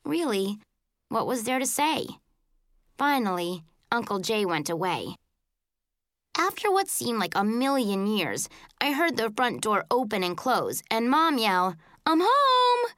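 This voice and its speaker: A woman reading a children's storybook aloud in the first person, with expressive, lilting storytelling. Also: mid-range voice, measured pace, dry recording, studio quality. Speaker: audiobook reader.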